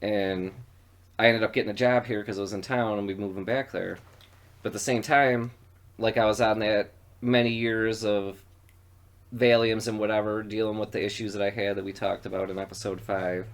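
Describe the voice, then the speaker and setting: A man from western New York co-hosting a podcast, telling profane stories in a loose, animated way. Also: lowish voice, moderate pace. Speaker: podcast co-host. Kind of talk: casual storytelling chat.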